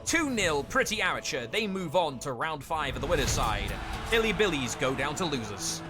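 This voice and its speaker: Lively high-voiced male esports caster. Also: music in the background. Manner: lively, animated play-by-play with quick asides. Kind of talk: play-by-play commentary.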